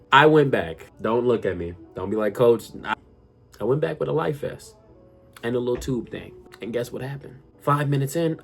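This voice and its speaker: A young man telling a funny personal story straight to his viewers, animated and slangy, often calling them "y'all". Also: medium pitch. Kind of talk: casual storytime monologue.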